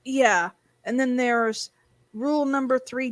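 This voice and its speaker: A talkative woman hosts a relaxed podcast chat, reading bits aloud as she goes. Her voice sits a little high. The sound is dry and close, with no room around it. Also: a little slow, no echo. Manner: chatty, reads aloud and hums while searching. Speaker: podcast host. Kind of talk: casual chat.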